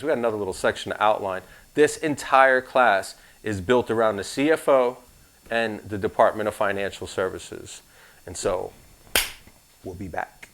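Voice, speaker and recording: A man's voice: on the low side, fairly bright tone, rough recording. A man teaching a live insurance licensing class, talking through the material in a casual, conversational way with frank asides.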